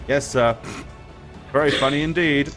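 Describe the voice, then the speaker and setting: A man's voice: mid-range voice, unhurried, music in the background, lightly acted. A man voicing a deferential town guard who answers his superior respectfully in a tabletop game. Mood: dutiful. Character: deferential male town guard, plain and dutiful.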